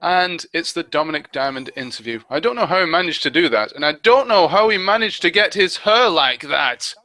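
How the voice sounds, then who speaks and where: A man's voice: a little high, animated, brisk, bright, forceful tone, no echo. A man co-hosting a casual fan commentary on an old TV show, playful and sarcastic. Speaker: commentary co-host.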